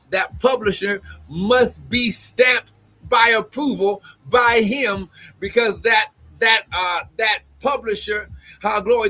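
A man with a high-pitched voice for his sex, ministering as a prophet over a live stream. He speaks fervently and repeatedly bursts into shouts and tongues. Exclamations of "glory" punctuate nearly every phrase.

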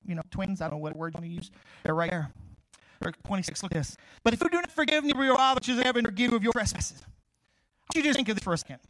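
A middle-aged male pastor preaching a sermon, jumping from loud scripture reading to quiet asides and acting out both sides of conversations. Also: sits high, dry recording, low-quality recording.

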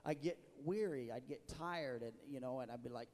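A man preaches from the pulpit, emotional, with frequent restarts and stammers. His voice sits at a middle pitch. It rings out with the long reverb of a church hall. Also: fast, few pauses, dark tone. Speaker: pastor. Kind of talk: sermon. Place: church sanctuary.

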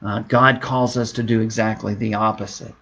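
A man's voice: on the low side, flat delivery, normal speed, fairly bright tone. A middle-aged man teaching a devotional Bible lesson as a pastor, earnest and enthusiastic, often repeating words for emphasis.

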